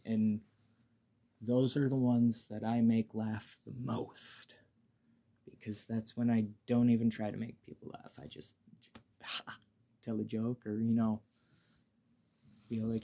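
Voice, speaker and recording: A man talks alone into his podcast mic while high, with a dark, mellow tone. He rambles along in a laid-back drift, stumbling over restarts and cursing freely. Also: level tone, measured pace, vocal fry, pauses often. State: high on weed. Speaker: podcast host. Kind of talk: casual solo podcast monologue.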